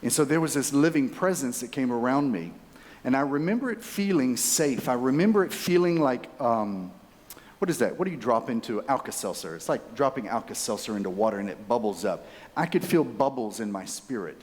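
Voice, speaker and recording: A man, giving a conference keynote as a lively storyteller who speaks straight to his audience. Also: medium pitch, fairly quick. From Texas. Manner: animated, chatty, addresses audience directly. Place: conference hall. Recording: reverberant conference hall.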